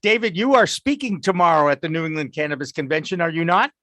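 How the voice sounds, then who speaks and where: Boston guy hosting a live talk show, upbeat and salesy, fairly high voice, dry sound. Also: animated, quick pace, fairly bright tone, no echo. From Boston area.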